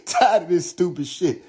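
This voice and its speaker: A man ranting comically on a phone live stream, profane and mocking, often breaking into shouted lines and laughter. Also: high-pitched, big pitch swings, slow, breathy edge. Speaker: livestream host. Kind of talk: comedic rant on a live stream.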